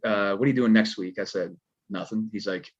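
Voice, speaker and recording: A stuntman guest on a podcast tells a story casually, his voice on the low side, fairly quick, and fairly even in intonation. He has a Southern American twang and a laid-back, rambling style packed with filler words, captured in dull lo-fi podcast audio.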